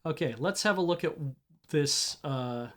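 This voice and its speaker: A man with a fairly high voice plays a game on stream. He talks casually and thinks out loud, often trailing into quiet asides. He reads the on-screen text as he goes. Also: unhurried.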